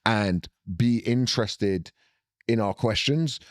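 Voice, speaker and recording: A young British man co-hosting a podcast, telling stories in an excitable, sweary, casual way. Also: lowish voice, slow, no room sound, clean studio sound. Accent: British English. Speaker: podcast co-host. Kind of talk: casual chat.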